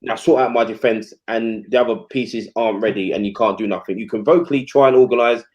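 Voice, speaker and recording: A man's voice: lowish voice, fast talker, muffled recording. A man, a former footballer, telling stories in casual chat and acting out what people said, with lots of fillers. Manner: animated, acts out quotes, many fillers.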